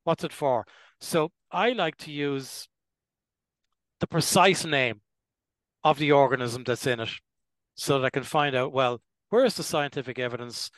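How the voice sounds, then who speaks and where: An older man, a gastroenterologist, giving measured, explanatory interview answers and clearing his throat now and then. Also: mid-range voice, fairly bright tone, no room sound, low-quality recording. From Ireland. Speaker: gastroenterologist guest.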